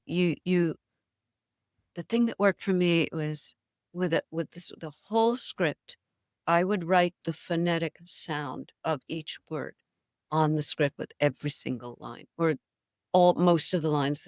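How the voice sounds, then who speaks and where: Smooth, dry-voiced older actress. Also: female voice, low voice, measured pace, dry recording. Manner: animated storyteller, laughs often. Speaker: actress, interview guest. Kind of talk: casual interview talk. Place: New England.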